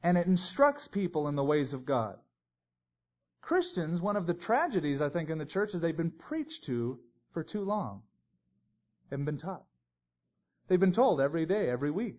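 A man's voice: a little high, big pitch swings, moderate pace, pauses often, a little mellow. A man teaching a Bible sermon in a conversational way, with joking asides. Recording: dull lo-fi recording.

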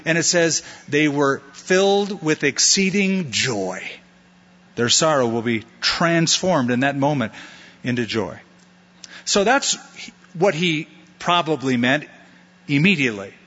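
Pastor, male, bright and forceful voice, lively sermon delivery, dull lo-fi sound. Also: fairly high pitch, long reverb tail. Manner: conversational, acts out disciples' lines with playful put-on voices. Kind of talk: expository sermon.

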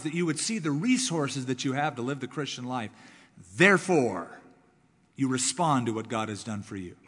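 A pastor preaches a sermon, hammering points home through repeated words and shifts between loud and soft. His voice is on the high side, and he's in a large hall.

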